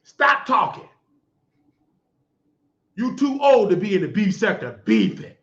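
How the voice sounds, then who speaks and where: High, bright-voiced man ranting. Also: huge pitch swings, a little slow. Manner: scolding, mocking, preachy. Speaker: talk show host. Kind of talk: ranting monologue. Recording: echoey lo-fi room sound.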